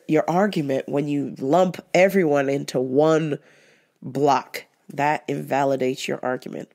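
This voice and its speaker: A woman's voice: deep voice, a little mellow. A woman hosting a podcast who tells stories in a candid, blunt way and swears freely. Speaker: podcast host. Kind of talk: casual storytelling.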